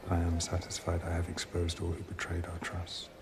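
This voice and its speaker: An actor playing a scheming, soft-spoken male courtier who makes quiet, deliberate veiled threats. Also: low voice, monotone. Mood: menacing. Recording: noisy TV clip.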